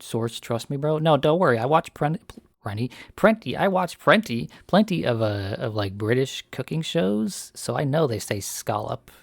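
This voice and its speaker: A man's voice: mid-range voice, creaky, darkish tone, dry recording. An American man streaming a fishing game, chatting casually and rambling through opinionated tangents. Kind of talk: casual gameplay chat.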